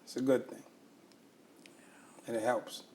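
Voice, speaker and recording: A man's voice: medium pitch, flat delivery, measured pace, darkish tone. Encouraging podcast host man. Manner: encouraging, hype-man energy. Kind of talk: conversational interview.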